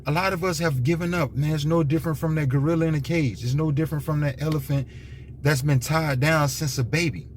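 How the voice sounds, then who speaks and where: A man's voice: fairly high pitch, fairly even intonation, fairly quick, a little hiss or hum. Rambling man with emphatic restarts. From United States. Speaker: commentator. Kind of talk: unscripted monologue.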